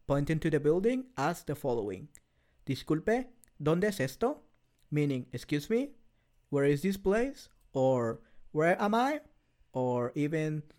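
A male language teacher giving a measured, scripted lesson explanation. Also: fairly high pitch, darkish tone.

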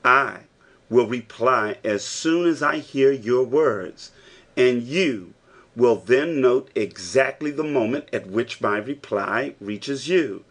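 A man's voice: mid-range voice, lively intonation, slow, fairly bright tone. A man reading an older male professor who gives firm, encouraging instructions, as an audiobook character. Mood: instructing.

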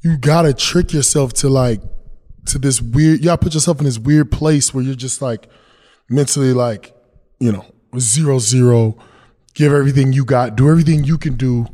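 Sounding warm in a large hall, this man speaks at medium pitch and moderate pace. He's an NBA champion guesting on a podcast, and his casual interview talk is loose, full of restarts, and keeps circling back to repeat points.

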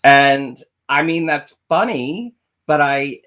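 A man's voice: on the high side, lively intonation, slow, a bit bright. A man co-hosting a casual chat, emphatic and opinionated as he makes his case. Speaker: podcast co-host.

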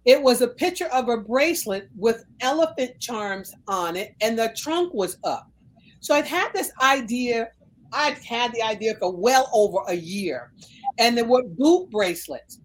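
A middle-aged woman minister from the United States telling a personal faith story in conversation, animated and emphatic. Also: fairly high pitch, a little slow, poor audio. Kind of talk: conversational testimony.

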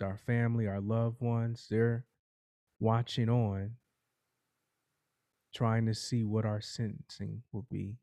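A man preaching a sermon, telling a courtroom parable in a slow, dramatic storytelling manner. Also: mid-range voice, mellow, no echo.

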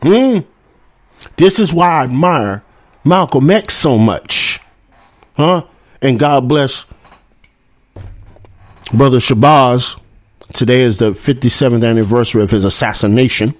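A man's voice: mid-range voice, a little slow, pauses often, no room sound. A man hosting a political talk show, delivering a heated monologue full of profanity and rhetorical "hmm?" asides. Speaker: podcast host.

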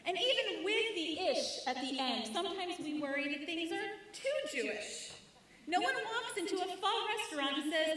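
A woman rabbi giving a rhythmic, expressive sermon with wry humor, in a large synagogue sanctuary. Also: very high-pitched, normal speed. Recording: echoey sanctuary, mic at a distance.

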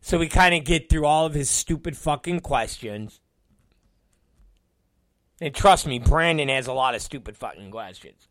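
A man's voice: on the high side, lively intonation, moderate pace, long pauses, fairly bright tone, dry recording. A middle-aged man hosting a podcast, telling an exasperated story in a profane, casual rant. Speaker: podcast host and wrestling promoter.

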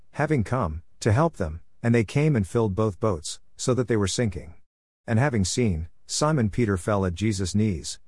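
A man with a lowish voice reads scripture aloud. He moves steadily through short phrases at a measured pace. The recording is dry and close. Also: a little mellow, no echo. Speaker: scripture reader. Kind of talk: scripture reading.

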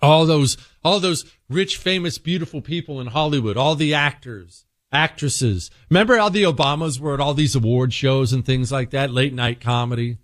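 A man hosting a political commentary monologue, telling an animated story and acting out characters. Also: medium pitch, normal speed, dry recording, studio quality. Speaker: political talk show host.

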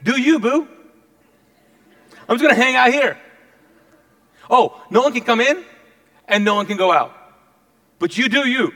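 Man putting on a cocky, taunting king, high and punchy. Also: expressive, unhurried, hardly any pauses, a bit bright, long reverb tail, heavily acted. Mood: smug. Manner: teasing, breezy, condescending. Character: smug powerful ancient king, male, mocking.

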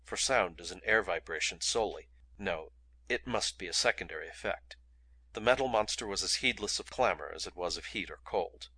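Man, audiobook narration, bright edge, slightly low pitch. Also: fairly quick. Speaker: audiobook reader.

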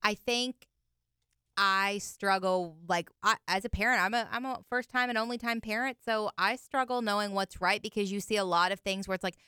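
A woman's voice: mid-range voice, moderate pace, sharp tone, smooth, no echo, studio quality. A woman co-hosting a radio talk show, speaking hesitantly and thinking aloud. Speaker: radio co-host.

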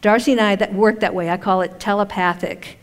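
A woman's voice: mid-range voice, fairly even intonation, brisk. An older woman from Maine talking casually to a live audience from a stage, chatty and self-deprecating, laughing often. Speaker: speaker at a spiritual event. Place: stage in a large hall. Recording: echoey hall with long reverb.

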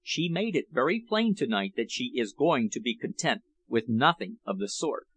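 A man's voice: mid-range voice, big pitch swings, moderate pace, a bit bright, breathy edge, no echo. A man reading the part of a grave English nobleman who speaks formally and grimly. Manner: formal, grim.

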